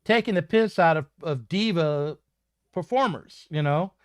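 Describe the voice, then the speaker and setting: A man's voice: fairly high pitch, lively intonation, unhurried, a crowd in the background. A man on a panel making a point hesitantly, with many fillers. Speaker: panelist in a political discussion. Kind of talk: conversational panel talk.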